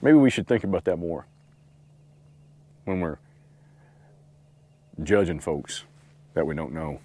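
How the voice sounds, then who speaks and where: A man's voice: low-pitched, lively intonation, unhurried, long pauses, a little mellow. A man, rambling casually in an outdoor camping vlog and talking to his dog. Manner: laid-back, rambling, talks to his dog. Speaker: outdoor vlogger. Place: outdoors at a lakeside campsite.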